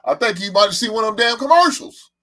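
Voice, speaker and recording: A man in his forties rambles through a casual live-stream chat, swearing freely and breaking into laughter as he answers viewers. His pitch rises and falls a lot, and he sounds loose and unscripted. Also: lively intonation, fast, pushed and bright. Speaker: podcast host.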